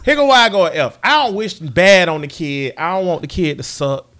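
A man co-hosting a casual sports chat, animated and teasing, laughing often. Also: high-pitched, normal speed. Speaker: podcast co-host.

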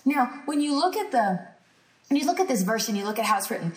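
A woman's voice: high voice, expressive, brisk, distant mic. A woman teaching a sermon-style lesson with emphatic, declarative delivery. She leans on repeated phrases, and her voice carries through a roomy, echoing space. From rural ranch country. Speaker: teacher at a healing school.

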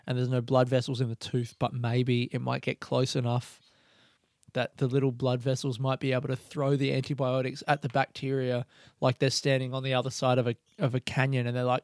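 A young man hosting a podcast in casual, rambling chat, swearing freely and getting excitable. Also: mid-range voice, a little fast, dry recording, clean studio sound. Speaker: podcast host.

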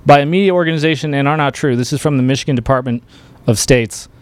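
A man hosting a live political talk show, speaking in an animated, emphatic way. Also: mid-range voice, fast talker. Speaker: host.

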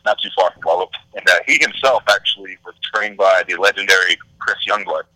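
A man's voice: low-pitched, a little fast, sharp tone, no room sound, poor audio. A man, a wrestler being interviewed, talking casually with many fillers. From Texas. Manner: laid-back, many "you know" and "uh" fillers. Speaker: guest wrestler.

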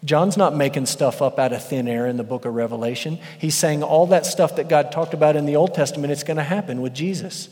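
A man preaching an expository sermon as pastor, animated and building to shouts for emphasis. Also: on the high side, fairly quick, hardly any pauses. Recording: long reverb of a large hall.

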